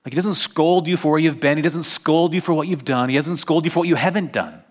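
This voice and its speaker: A man's voice: fairly high pitch, fast talker. A man preaching a conversational sermon at a church service, chatty and informal, often tagging his points with "right?" and "like". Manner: chatty, peppers talk with "right?" and "like". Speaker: pastor.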